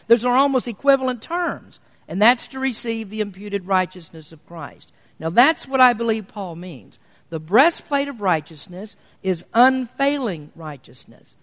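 Male pastor, high voice, earnest deliberate sermon delivery, church-hall reverb. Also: fairly bright tone. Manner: earnest preaching, slows for emphasis.

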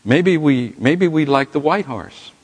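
A man's voice: on the high side, expressive, unhurried, breathy edge, voice pushed up, exaggerated voice. A man voicing a strong-willed farm wife who speaks firmly and sternly, in a reverberant hall. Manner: firm, stern.

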